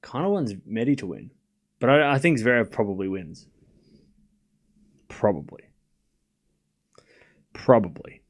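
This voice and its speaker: A man's voice: fairly low pitch, sing-song, unhurried, long pauses. A man hosting a live tennis watchalong stream, calling the score and chatting casually with his viewers between points. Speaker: livestream host.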